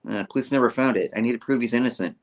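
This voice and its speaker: A man's voice: mid-range voice, racing, close to an everyday voice. A man voicing a nervous young woman reporter in a raised voice while reading a comic aloud. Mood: urgent. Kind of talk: comic book read-aloud.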